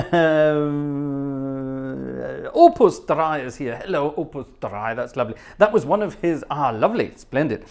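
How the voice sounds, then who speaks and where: A man hosts a live music stream in casual chat, working through the names of viewers and greeting each. His fairly high voice swings widely in pitch, and he fills pauses by humming little tunes. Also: lively intonation, darkish tone. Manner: reads out viewer names, hums filler tunes, chatty. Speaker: livestream host and organist.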